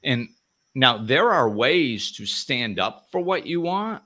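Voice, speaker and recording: A man's voice: mid-range voice, very animated, takes it slowly, pushed and bright. A man hosting a live spiritual talk who speaks in a passionate, emphatic, preaching way. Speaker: host.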